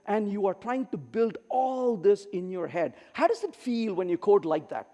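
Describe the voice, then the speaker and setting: Hardly pausing, a high-pitched middle-aged man speaks at normal speed through a humorous keynote. The reverberant sound of a large conference hall surrounds his animated storytelling, in which he acts out what people said.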